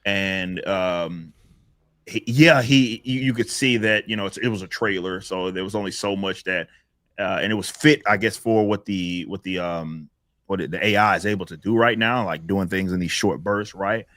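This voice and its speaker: Low-voiced rambling man hosting a stream. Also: a bit bright, no room sound, studio quality. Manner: rambling, halting, many restarts. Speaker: stream host. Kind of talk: casual livestream panel chat.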